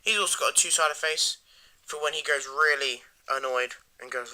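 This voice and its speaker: A man giving a rambling, enthusiastic casual toy review that often trails off into quiet mumbles. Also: mid-range voice, steady tone, moderate pace.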